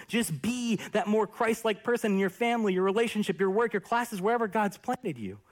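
A young adult man preaching a sermon, earnest and impassioned, dropping to a hush at times. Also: high voice, animated, brisk. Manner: earnest and impassioned, with hushed quiet passages. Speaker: pastor.

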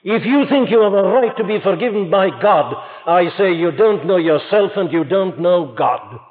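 A man's voice: sits high, lively intonation, normal speed. Male preacher, impassioned old-style sermon, long church reverb. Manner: fervent, rising and falling preaching with solemn hushed passages. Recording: old lo-fi phone-band recording in a reverberant hall.

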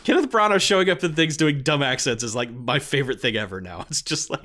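A man's voice: mid-range voice, animated, fast, bright, forceful tone. A man in a casual film review chat who talks animatedly, swears freely and acts out his own reactions.

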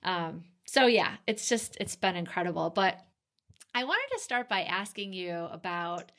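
A woman interviewing a guest, speaking haltingly with many fillers and restarts. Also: on the low side, very animated, fairly bright tone. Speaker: interviewer and author. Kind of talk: conversational interview.

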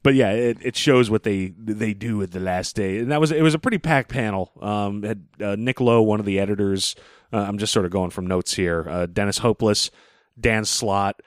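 Low-voiced rambling man in a dry room. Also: normal speed, dry recording. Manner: rambling, wry, swears casually. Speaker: podcast co-host. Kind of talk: casual chat. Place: living room, mobile recording rig.

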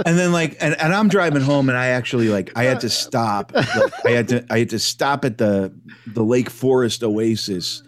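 Speaking at a moderate pace in a mid-range voice, a podcast co-host livens up a casual chat with animated stories, performing the voices of the people in them.

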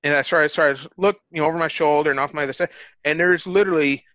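Bright-voiced man telling an earnest story. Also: fairly high pitch, quick pace, no echo. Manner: earnest, animated storyteller who restarts phrases. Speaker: interview guest. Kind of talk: casual storytelling. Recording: dull, dry lo-fi recording.

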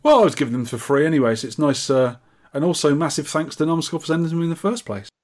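A man's voice: a little high, fast talker, darkish tone. A British man co-hosting a podcast, reading listener emails with a dry, teasing humor. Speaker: podcast co-host.

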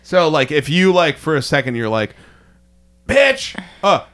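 A man's voice: a little high, expressive, a little fast, a bit bright, clear, resonant tone. A young man co-hosting a podcast in casual chat, drunk, rambling with lots of fillers, restarts and laughter. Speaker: podcast co-host.

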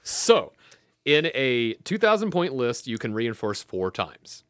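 Male co-host, excitable, animated delivery, dry close sound. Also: medium pitch, slow pace, no echo. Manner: excitable, animated, swears casually. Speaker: podcast co-host. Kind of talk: casual tabletop gaming chat.

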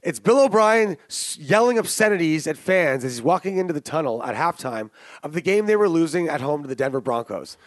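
A man co-hosting a casual sports betting podcast, talking in a profane, animated ranting way. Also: a little high, brisk, no room sound. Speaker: podcast co-host.

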